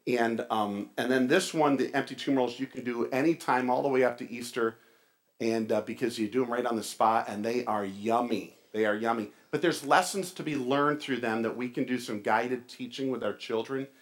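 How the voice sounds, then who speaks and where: A man's voice: medium pitch, moderate pace. A man as pastor, giving a casual sermon with a joke and church announcements, chatty with fillers and restarts.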